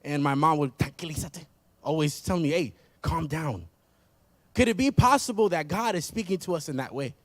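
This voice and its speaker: A man's voice: fairly high pitch, animated, quick pace, hardly any pauses, no echo. A man in his thirties preaching a sermon in an emphatic style, building intensity through repeated phrases. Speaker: pastor. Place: church.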